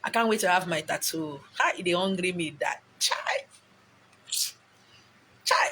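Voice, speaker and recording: A woman's voice: lowish voice, unhurried, long pauses, pushed and bright, slightly rough. A middle-aged Nigerian woman with a Nigerian accent, talking emotionally and a little preachily as she rambles on her own live video, recorded on a phone. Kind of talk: casual motivational live stream.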